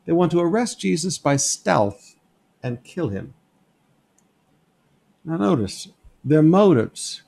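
A pastor with a slightly high, dark, gravelly voice works through a Bible passage verse by verse, speaking slowly with big pitch swings and frequent pauses. His conversational, emphatic style keeps him pausing to point things out, asking "notice" and "okay?" as he sketches on a board.

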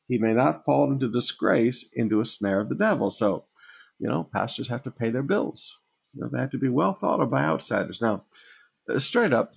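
A pastor teaching a sermon, reading scripture verses aloud and then explaining them in plain, direct words. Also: male voice, medium pitch, creaky, husky.

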